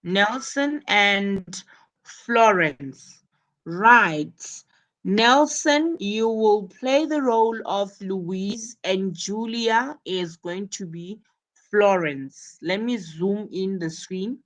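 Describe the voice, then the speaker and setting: Slow-talking woman teaching English. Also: medium pitch, fairly bright tone. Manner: slow, explanatory, repeats key points. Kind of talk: online English lesson.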